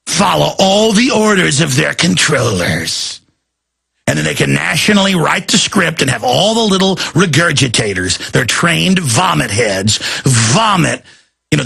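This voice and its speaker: A man hosting a talk show, delivering a heated, sarcastic political rant that often breaks into shouting. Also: fairly high pitch, creaky, husky.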